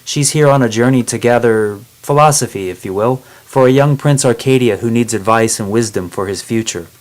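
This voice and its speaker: A man's voice: medium pitch, a little fast, lightly acted. A man voicing a polite grown woman companion who makes introductions, in a storybook reading.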